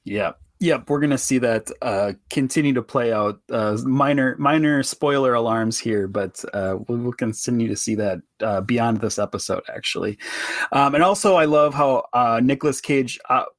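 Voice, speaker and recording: A man co-hosting a podcast, chatting in a relaxed, enthusiastic way with lots of fillers. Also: mid-range voice, normal speed, no echo, clean studio sound. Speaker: podcast co-host. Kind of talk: casual chat.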